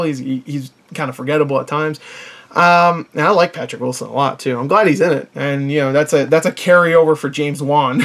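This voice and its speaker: A man's voice: a little high, a bit bright. A man giving a casual, rambling movie review, with lots of fillers and self-corrections and frequent chuckles.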